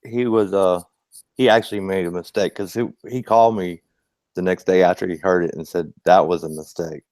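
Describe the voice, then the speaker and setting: A man's voice: deep voice, steady tone, fairly quick, a little mellow, no echo. A man co-hosting a live podcast, laid-back and lightly cursing while he fumbles with his screen. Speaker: podcast co-host. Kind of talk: casual live-stream chat.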